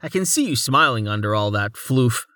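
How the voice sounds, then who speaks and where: Playful young mage for an audiobook, rambling, thinks aloud, lively delivery, read by a man. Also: mid-range voice, normal speed, dry recording, clean studio sound.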